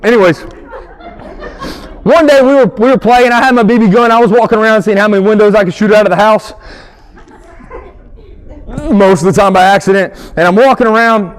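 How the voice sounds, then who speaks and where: A young man doing stand-up comedy, animated and quick to jump into loud, high shouted bits. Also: poor audio.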